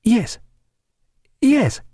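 A man voicing a gentle, anxious gentlewoman and mother, speaking softly and hesitantly in a storybook reading. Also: lowish voice, animated, moderate pace, dry recording, studio quality, voice pushed up. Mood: warm, hesitant. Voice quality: soft, hesitant.

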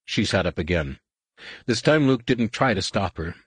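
A man narrates a novel in a steady, measured way. His voice is low with a husky grain. The recording is close and dry. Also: dry recording. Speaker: audiobook narrator. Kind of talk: scripted narration.

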